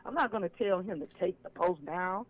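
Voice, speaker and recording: A man with a high voice calls in to a live show over a phone line, the audio narrow and tinny. Speaking a little fast, he tells his side emphatically and sounds aggrieved.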